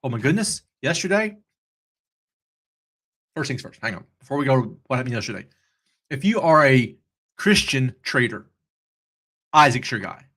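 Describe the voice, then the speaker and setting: A man's voice: medium pitch, very animated, moderate pace, pauses often, pushed and bright. A man hosting a live trading stream, chatty and upbeat, easily sidetracked as he talks through charts. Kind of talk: casual live-stream commentary.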